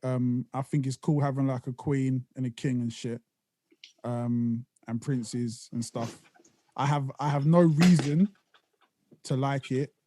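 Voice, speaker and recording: A man co-hosting a casual podcast, talking in a rambling, sweary, animated way. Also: medium pitch, unhurried. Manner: sweary, rambling and animated, with put-on voices for mocking. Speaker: podcast co-host.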